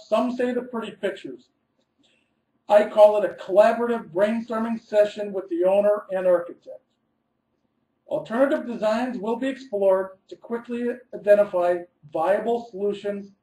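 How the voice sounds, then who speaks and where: A man's voice: high-pitched, normal speed, warm tone, roomy sound, rough recording. A man, an architect, giving a scripted webinar presentation, reading methodically through numbered steps and stressing key words.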